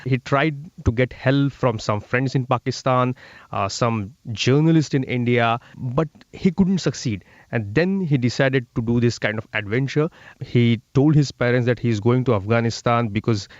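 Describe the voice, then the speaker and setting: Correspondent, man, mid-pitched, steady explainer with fillers, dull dry line. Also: moderate pace, dry recording. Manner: explanatory, fillers between phrases. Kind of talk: news interview.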